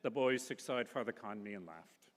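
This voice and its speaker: A man reading a novel aloud at a public literary festival, expressive and characterful, shifting his voice between narration and the people in the story. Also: lowish voice, normal speed, long reverb tail.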